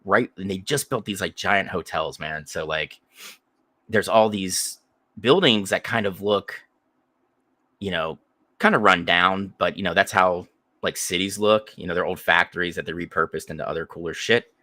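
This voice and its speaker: A man on a podcast tells a long, crude story in loose, rambling chat. His voice is low and bright, with a forceful edge. The sound is dry and close, with no room echo. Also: normal speed. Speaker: podcast co-host.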